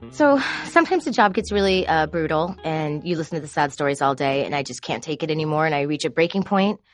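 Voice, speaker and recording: A woman who produces court shows tells candid, confessional stories about her job and grows animated when she quotes herself. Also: low voice, quick pace, dry recording, soft background music. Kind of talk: personal storytelling.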